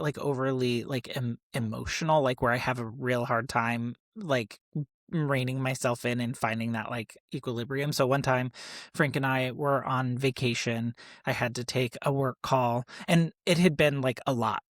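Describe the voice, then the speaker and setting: A man co-hosting a casual podcast, telling personal stories with plenty of fillers and turning animated when he quotes others. His voice sits at a middle pitch, recorded dry and close. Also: no echo. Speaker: podcast co-host. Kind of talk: casual chat.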